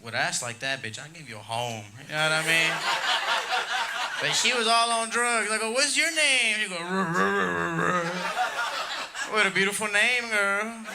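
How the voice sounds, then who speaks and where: A brash male comedian working a club crowd with crude jokes, needling the audience as he goes. His voice sits slightly high for a man, and clear room noise from the club carries behind him. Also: normal speed. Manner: brash, crowd-baiting, tags jokes with "dog" and "you know what I mean". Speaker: stand-up comedian. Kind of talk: crude stand-up set.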